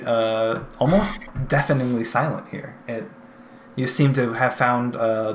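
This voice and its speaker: Man, game master, tabletop narration, relaxed and halting, roomy echo, faint hiss. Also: medium pitch.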